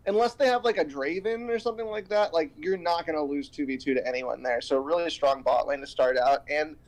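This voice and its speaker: A man's voice: fairly high pitch, brisk, poor audio. A man co-casting a video game match who keeps his voice down so a roommate can sleep. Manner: talks quietly to avoid waking a roommate. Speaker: esports co-caster. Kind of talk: casual esports commentary.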